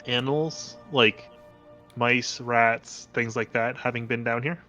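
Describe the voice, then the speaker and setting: A man's voice: medium pitch, fairly even intonation, takes it slowly, sharp tone, soft background music. A man playing a character in a tabletop game, talking in an easygoing, friendly way. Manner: easygoing, laid-back, friendly. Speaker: player. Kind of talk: in-character tabletop role-play.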